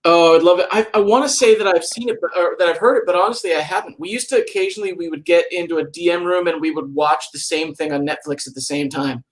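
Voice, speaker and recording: Chatty man with a fairly high voice. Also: fast, few pauses. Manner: chatty and playful, rambling and humming to himself. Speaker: podcast co-host. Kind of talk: casual live-stream chat.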